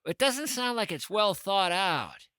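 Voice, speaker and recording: A man hosting a casual podcast chat, his voice bright and forward. He teases with wry, mock-outraged asides. The sound is dry and close, with no room around it. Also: high-pitched, sing-song, unhurried, clean tone, no echo. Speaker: podcast host.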